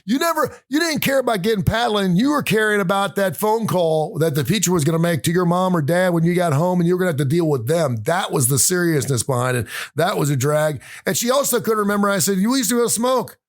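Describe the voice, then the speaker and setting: Animated high-voiced middle-aged male host. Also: fast talker, hardly any pauses. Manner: storytelling, laughs often, animated retelling. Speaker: radio show co-host. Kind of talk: casual talk radio banter.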